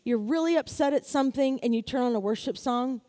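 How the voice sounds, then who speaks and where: A middle-aged woman preaching to her congregation, her voice sitting high. She talks in a lively, exclaiming way and keeps calling out for amens. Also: fairly quick. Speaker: pastor. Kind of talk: sermon.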